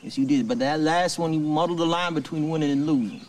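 An actor playing a cold, domineering plantation owner who speaks with slow, measured menace, heard in film audio. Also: male voice, a little high, a little mellow, a little hiss or hum, natural voice. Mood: menacing. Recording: distant film soundtrack audio.

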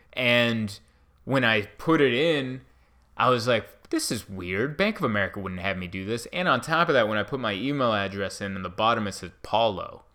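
A man in his mid-thirties telling a story in a rambling, self-mocking way, with animated bursts. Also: medium pitch. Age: 30s. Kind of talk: casual storytelling monologue.

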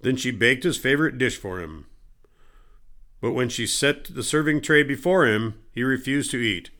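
A man giving a daily Bible reading in a steady, measured way. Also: medium pitch. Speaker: scripture reader.

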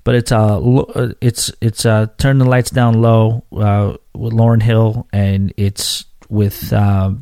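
Podcast host from New York, warm low-key tone, dry close sound, swearing rant with lots of restarts. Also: male voice, slow pace, few pauses, clean tone, no echo. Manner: animated, profane ranting with frequent restarts. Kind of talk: casual storytelling monologue.

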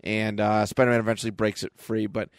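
A man co-hosting a podcast, recapping a comic book in casual chat and jumping into quick character voices as he goes. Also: fairly low pitch, little pitch movement, smooth, dry recording. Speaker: podcast co-host.

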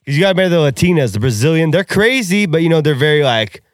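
A man's voice: fairly high pitch, animated, fast, no echo, clean studio sound. A young man co-hosting a casual sports chat, brash and crude, riffing jokes. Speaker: podcast co-host.

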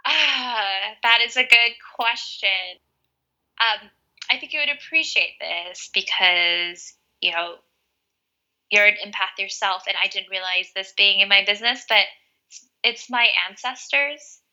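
A woman's voice: medium pitch, measured pace, pushed and bright, lo-fi sound. A woman guest talking earnestly and emotionally over a video call, swearing casually. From United States. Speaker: guest business coach. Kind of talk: casual interview chat.

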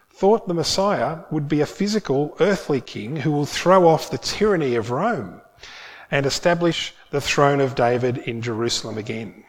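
A man preaching a sermon, earnest and emphatic, stretching out key words for weight. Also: mid-range voice. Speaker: pastor.

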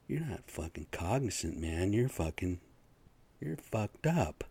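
A man's voice: sits low, sing-song, unhurried, mellow, breathy edge, no room sound. A man in construction giving a profane, agitated, rambling solo rant.

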